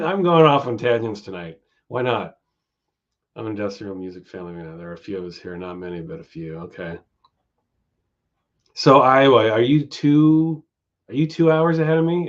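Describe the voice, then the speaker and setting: Rambling, swearing stream host. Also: male voice, medium pitch. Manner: chatty, swears freely, goes off on tangents. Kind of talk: casual live-stream chat. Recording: dull lo-fi stream audio.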